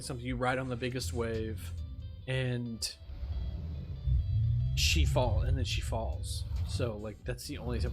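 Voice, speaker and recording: A man streaming and ranting casually, swearing and laughing often as he talks. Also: mid-range voice. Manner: profane, animated, laughing often. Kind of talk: casual rant while gaming.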